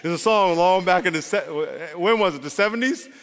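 A man preaching a sermon as pastor, animated and leading call-and-response with the congregation. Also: high voice, moderate pace. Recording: long hall reverb.

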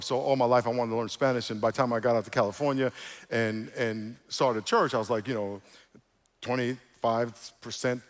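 A male pastor preaching, animated, moving between quiet asides and loud emphatic calls to the congregation. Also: medium pitch. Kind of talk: sermon. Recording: reverberant church hall.

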